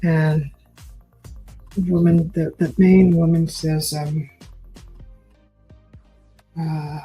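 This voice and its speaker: Lady painting and chatting, low mellow voice, keeps stumbling and restarting, soft music behind. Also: little pitch movement, lo-fi sound. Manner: rambling, halting, with frequent restarts and fillers. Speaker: painting host. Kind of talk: casual storytelling while painting.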